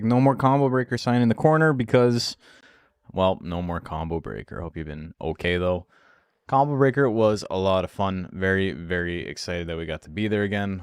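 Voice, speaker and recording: A man's voice: low-pitched, smooth, no echo, clean studio sound. A young man, a streamer chatting casually and telling rambling stories, swearing freely. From Canada. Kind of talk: casual stream chat and storytelling.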